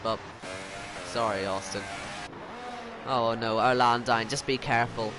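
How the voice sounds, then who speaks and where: A man's voice: medium pitch, steady tone, measured pace, music in the background. A man commentating live on his own online racing game, self-mocking and exasperated as things go wrong around him. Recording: game engine noise behind. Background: racing car engine noise.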